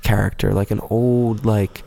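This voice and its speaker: A man's voice: lowish voice, flat delivery, unhurried, gravelly, dark tone. A man co-hosting a podcast in casual chat, playful and teasing, laughing often. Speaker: podcast co-host.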